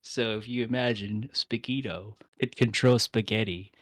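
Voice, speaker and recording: A man's voice: fairly low pitch, steady tone, normal speed, no room sound. Goofy joking man. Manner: goofy, joking, laughs mid-sentence. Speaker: guest co-player. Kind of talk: casual banter while playing a game. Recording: faint music behind.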